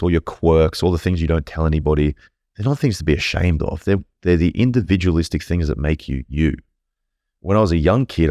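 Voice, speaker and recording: A man's voice: rumbling low, warm tone, no echo, clean studio sound. A man, a podcast guest, telling personal stories in a casual, rambling, candid way and swearing freely. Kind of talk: casual storytelling.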